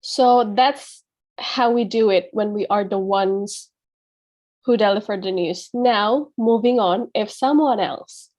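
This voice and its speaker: A woman's voice: mid-range voice, slow, darkish tone. A woman teacher explaining a lesson to her students in a patient, explanatory way, often checking in with "yeah.". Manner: acts out example phrases with a changed tone. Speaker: English teacher.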